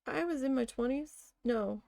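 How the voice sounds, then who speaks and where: A woman's voice: high voice, a little slow, vocal fry, mellow, dry recording, studio quality. A woman vlogger chatting casually while she needle felts, telling stories bluntly with a lot of swearing. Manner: blunt, heavily profane storytelling. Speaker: crafting vlogger. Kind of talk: casual storytelling chat while needle felting.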